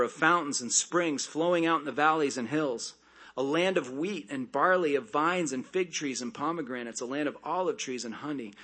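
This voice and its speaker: A man preaching a sermon, reading scripture aloud and breaking off into conversational asides and quick jokes. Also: mid-range voice, fairly bright tone. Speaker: pastor.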